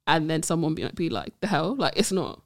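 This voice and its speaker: A woman's voice: deep voice, expressive, fairly quick, no echo, clean studio sound. A young woman, a trainee psychologist, talking casually in an interview, rambling with many "like"s and checks that she is understood. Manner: rambling, says "like" and "do you see what I mean" often.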